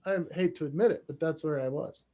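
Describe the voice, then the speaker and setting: A podcast guest in his forties, a man with a high voice. He tells a personal story with energy and acts out the people in it. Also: fairly quick, warm tone.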